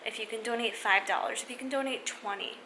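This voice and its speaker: A young adult woman vlogging to camera, speaking in an earnest, halting way with many restarts. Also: a little high, bright, forceful tone, slight background noise, poor audio. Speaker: fitness vlogger. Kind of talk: casual vlog talk to camera.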